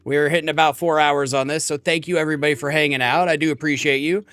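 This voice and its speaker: This thirty-something streamer chats and rambles amiably with viewers as he plays, his voice on the high side and a bit bright. He talks quickly with fairly even intonation, and the audio has no echo.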